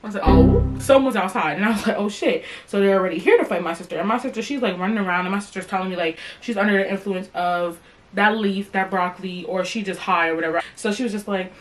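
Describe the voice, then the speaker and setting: Profane animated young woman storyteller. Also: medium pitch, fast, faint music behind, low-quality recording. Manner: profane, animated, talks straight to viewers. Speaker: storytime vlogger. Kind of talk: casual storytime monologue.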